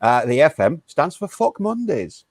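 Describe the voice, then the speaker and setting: An awkward radio phone-in host who stammers and hesitates, played by a man. His voice is slightly high and lively, recorded dry and close. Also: unhurried, no echo. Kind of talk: improvised comedy radio show.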